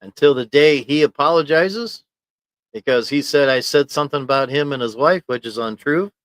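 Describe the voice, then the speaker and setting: Speaking at a normal pace with a medium-pitched, slightly bright voice, a man hosts a casual livestream from his small home office studio. He rambles and chuckles while reading viewer comments aloud. The desk mic gives a dry recording.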